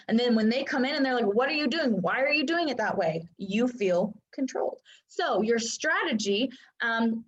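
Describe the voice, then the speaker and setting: A woman coach teaching in a casual, chatty way and often checking in with listeners. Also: a little high. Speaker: Human Design coach. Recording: dull lo-fi sound.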